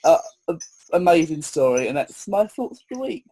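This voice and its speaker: A man talking as a guest on a casual podcast, with a high-pitched voice. He gushes enthusiastically and repeats himself for emphasis. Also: big pitch swings, normal speed, mellow, breathy edge, poor audio. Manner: gushing, enthusiastic.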